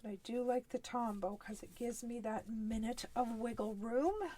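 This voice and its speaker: A woman's voice: fairly high pitch, normal speed, warm tone. A woman with a Canadian East Coast accent hosting a live crafting demonstration, chatty and easygoing as she works through each step. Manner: chatty, easygoing, talks while working, frequent little laughs.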